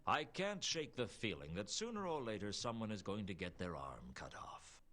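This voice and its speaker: An actor playing a world-weary private detective, delivering dry, deadpan wisecracks in hard-boiled game dialogue. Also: male voice, on the low side, moderate pace. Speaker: noir detective narrator.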